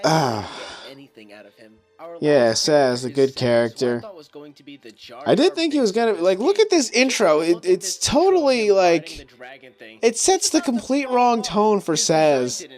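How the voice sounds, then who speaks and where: Young guy, slightly high voice, animated profane rant over gameplay commentary. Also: takes it slowly, pauses often, faint music behind. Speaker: commentator on his own video review. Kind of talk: casual commentary.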